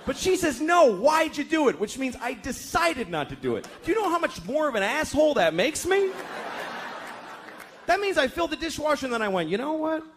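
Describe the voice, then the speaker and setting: A man's voice: extremely high pitch, sing-song, a little fast. A man doing a profane stand-up comedy routine, acting out characters in shifting voices. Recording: live club with crowd and faint noise.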